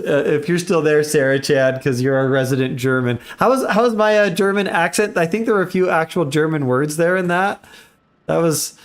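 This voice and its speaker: A man giving relaxed, chatty commentary while live streaming a game. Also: fairly high pitch. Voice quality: relaxed, chatty, laughs often.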